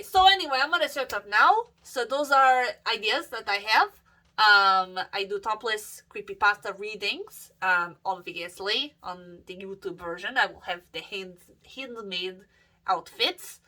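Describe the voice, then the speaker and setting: Bright, profane young woman vlogger. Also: medium pitch, measured pace. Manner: profane, rambling, many fillers and self-corrections. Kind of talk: casual rambling vlog monologue.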